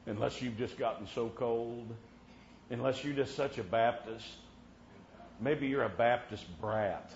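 A man preaching a sermon in a folksy storytelling way, dotting his talk with amen and swinging between loud and hushed. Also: medium pitch, unhurried. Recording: muffled lo-fi with faint hiss.

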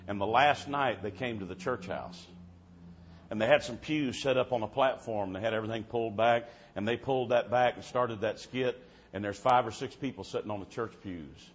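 Preacher, hushed to shouting. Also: male voice, fairly low pitch, slightly rough, dull audio. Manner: animated, swings from hushed to shouting. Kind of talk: sermon storytelling.

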